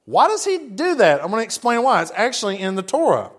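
A high-pitched man preaching and reading Bible passages aloud. He stops often for chatty asides, talking to his listeners in a plain, conversational way. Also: wildly swooping pitch, quick pace. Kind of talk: sermon with scripture reading.

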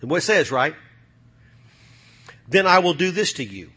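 A male pastor delivers a sermon to a congregation in a church, his voice bright and forceful and pitched a little above most men's. He presses his points home with emphatic repetition and rhetorical questions, calling out to the room to rally it. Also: animated, moderate pace, pauses often, slightly rough. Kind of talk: preaching a sermon.

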